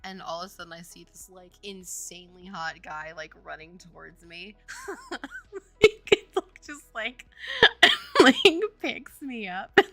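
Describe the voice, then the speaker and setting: Bright-voiced woman chatting on a dev stream. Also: lowish voice, animated, unhurried, soft background music. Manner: rambling storytelling, heavy use of "like", frequent laughter. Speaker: game developer streaming her work. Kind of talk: casual chat on a livestream.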